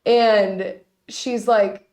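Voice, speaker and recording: A young woman in her late teens, co-hosting a student podcast and telling an animated story full of "like". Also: medium pitch, drawn-out words. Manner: animated storytelling, heavy use of "like". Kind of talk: casual chat.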